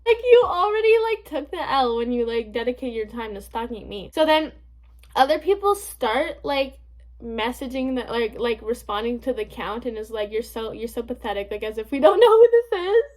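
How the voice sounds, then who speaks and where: A woman's voice: fairly high pitch, lively intonation, moderate pace. Profane, amused young woman vlogger. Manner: profane, filler-heavy, dismissive and amused. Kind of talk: casual storytime rant to camera.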